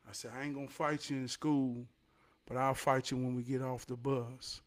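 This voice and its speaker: A man in his forties telling a neighborhood story from his youth, animated, swinging from loud bursts down to a hush. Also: medium pitch, normal speed. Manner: animated, loud bursts, drops to hushed tones. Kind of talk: casual storytelling vlog.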